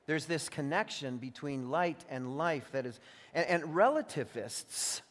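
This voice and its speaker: A man's voice: fairly high pitch, lively intonation, measured pace. A man preaching a sermon as a pastor, emphatic, stretching out key phrases and often doubling words as he restarts. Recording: long reverb of a large hall.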